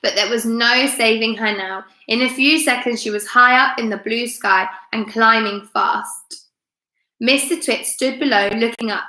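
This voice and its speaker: A woman teacher reads a children's story aloud in a fairly high, bright voice. She narrates expressively and drops in chatty asides. A roomy echo hangs around her. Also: steady tone, unhurried.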